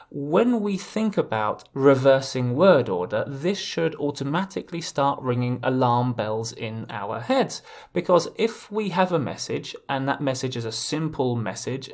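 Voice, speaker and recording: A man teaching a legal English writing lesson, explaining clearly and restarting words now and then. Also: mid-range voice, darkish tone. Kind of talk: video lesson.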